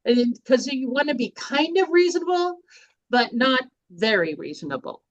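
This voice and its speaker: A woman's voice: sits high, big pitch swings, normal speed, no room sound. An older woman presenting a speaking workshop, talking in an informal, chatty way with fillers and restarts. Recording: dry, slightly dull recording.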